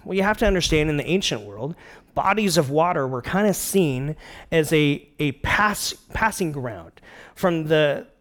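Male pastor, middle-aged, relaxed joking sermon, voice sits a bit high. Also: normal speed. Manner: casual, joking, retells scripture with playful character voices.

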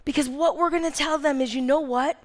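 A woman's voice: high voice, fairly even intonation, fairly quick. A woman in her thirties preaching a sermon, earnest and emphatic, repeating key phrases. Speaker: speaker preaching. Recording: long reverb of a large hall.

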